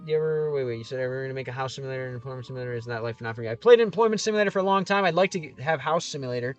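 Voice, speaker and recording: A man's voice: mid-range voice, rapid-fire, clear, resonant tone, muffled recording, soft background music. A man casually chatting on a livestream, reading out viewer comments and answering them with lots of fillers and restarts. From Ohio. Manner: chatty, thinks aloud with many fillers and restarts. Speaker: streamer.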